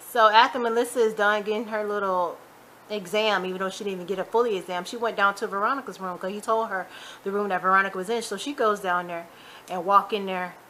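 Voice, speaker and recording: Woman, casual TV recap host, chatty, animated, bright voice, faint background noise. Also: medium pitch. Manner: chatty and animated, retelling scenes with quick asides.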